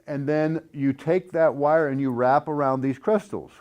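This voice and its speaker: A man giving a casual how-to explanation in an earnest, hesitant way, with many fillers and restarts and softly chanted syllables. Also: fairly high pitch, fairly even intonation, unhurried, highs cut off. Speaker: instructor demonstrating a build.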